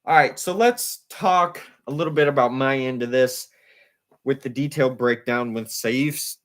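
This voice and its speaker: A man's voice: mid-range voice, moderate pace. A man hosting a casual sports talk show, emphatic and incredulous as he breaks things down. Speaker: podcast host.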